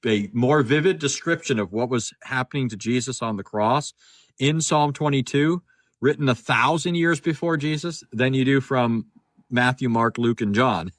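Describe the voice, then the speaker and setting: A man tells a story on a phone video call, in a relaxed, chatty way. He repeats himself often and acts out both sides of a conversation. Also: medium pitch, moderate pace. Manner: chatty, repeats words, acts out quoted dialogue. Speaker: guest speaker. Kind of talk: casual storytelling in a live discussion.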